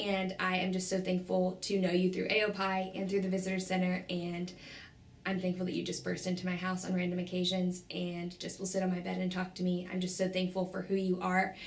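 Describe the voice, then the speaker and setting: A young woman in her twenties speaks low and gravelly, gushing through heartfelt farewell tributes at a banquet. Her words carry warmth and near-tears, broken by little laughs and sighs. The room behind her is echoey, with a faint hum. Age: 20s. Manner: gushing, warm, tearful, laughs between lines. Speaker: student tour guide giving farewell tributes. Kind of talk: emotional speech at a banquet.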